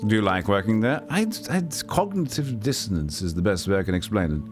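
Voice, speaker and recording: Male streamer, animated delivery, rambling profane jokes. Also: fairly low pitch, a little fast, over music. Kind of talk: casual gameplay commentary.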